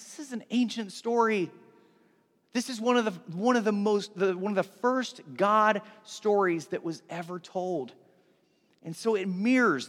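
A man preaching a sermon as pastor, telling the story with animated swings from loud bursts to hushed asides. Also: a little high, in a large hall.

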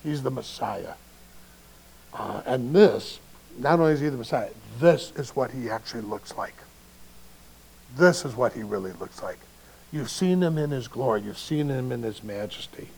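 A male pastor preaching a sermon in a conversational way, swinging between quiet reflection and emphatic bursts. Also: medium pitch, animated, moderate pace, husky, low-quality recording.

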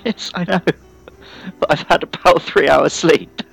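A man's voice: fairly high pitch, measured pace, vocal fry, a bit bright, husky, faint music behind, rough recording. Sleepy, sweary man laughing while gaming. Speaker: podcast co-host. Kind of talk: casual gaming chat.

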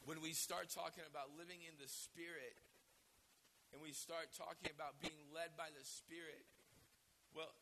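Man preaching, raspy hoarse voice, gravelly, fairly high, noisy church recording. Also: pushed and bright. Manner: emotional, repeats words when starting phrases. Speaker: pastor. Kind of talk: sermon.

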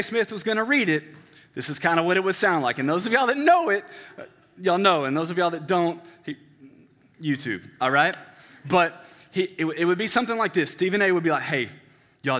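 A man preaching a sermon in a relaxed, conversational way, often checking in with the congregation. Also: fairly high pitch. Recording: echoey hall with long reverb.

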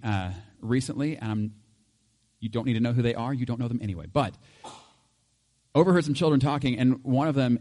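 A man's voice: medium pitch, warm tone. Man preaching in an echoing hall. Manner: conversational, laughs often, uses everyday examples. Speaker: pastor. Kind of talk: sermon.

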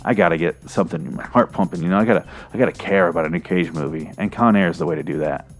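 A man's voice: deep voice, racing, soft background music. A man hosting a movie review show, rambling in an exasperated, profane rant. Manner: rambling, exasperated, swears freely.

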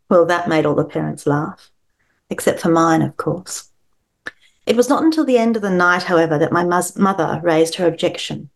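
A woman author reads her novel aloud with expressive shaping, then chats in a relaxed way. Her voice sits fairly low, and her talk is full of quick restarts. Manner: expressive reader, chatty with restarts. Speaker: novelist guest. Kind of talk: reading aloud and interview chat.

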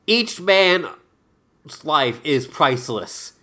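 A man co-hosting a podcast, chatting casually about a book and dropping in unhurried, enthusiastic asides. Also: on the high side, big pitch swings, bright, forceful tone. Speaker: podcast co-host. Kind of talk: casual book-club chat.

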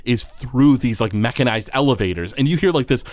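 A man's voice: medium pitch, expressive, a little fast, no room sound. A man running a tabletop game as game master, narrating with lots of fillers. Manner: rambling, many fillers.

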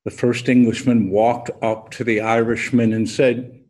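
A man preaching a sermon as an unhurried storyteller, pausing deliberately as he leads into his point. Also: medium pitch, flat delivery, a little mellow. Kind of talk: sermon with a told joke.

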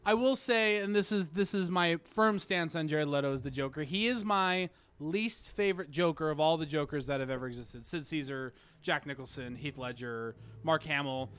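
A man's voice: a little high, normal speed, few pauses, a bit bright, smooth, no room sound. A man co-hosting a casual podcast, rambling and correcting himself, laughing often. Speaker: podcast co-host. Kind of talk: casual chat.

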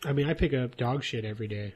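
A man co-hosting a podcast in casual chat, joking and often pausing with "uh". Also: medium pitch, darkish tone, husky. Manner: joking, hesitant with many uhs. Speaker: podcast co-host.

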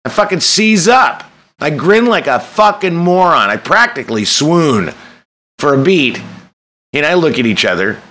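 A man's voice: medium pitch, pushed and bright. A man telling a candid, self-mocking personal story, swearing freely and breaking into sudden emphatic bursts.

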